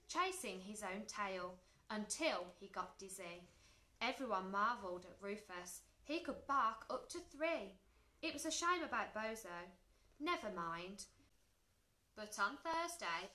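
A woman from a primary school reading a children's storybook aloud in an expressive way. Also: mid-range voice. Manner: expressive, lively character voices. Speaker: primary school staff reader. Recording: roomy echo.

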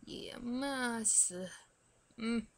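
A woman giving chatty, jumpy commentary while she plays a game, swinging from sleepy murmurs to sudden loud yelps. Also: on the high side, steady tone, drawn-out words, rough recording. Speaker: let's player. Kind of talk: gaming commentary. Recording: gameplay with clear background noise.

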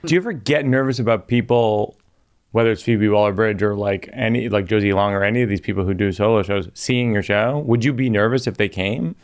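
Middle-aged man, podcast host; relaxed, reflective, quick to laugh. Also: on the low side, smooth. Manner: thoughtful, laughs easily, builds ideas aloud. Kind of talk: casual podcast chat.

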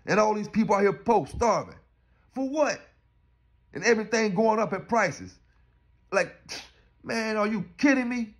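A man's voice: high-pitched, expressive, normal speed, long pauses. Streetwise man, rambling vlog talk. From South Carolina. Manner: rambling, preachy, streetwise slang. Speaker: dog kennel owner. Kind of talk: casual monologue vlog.

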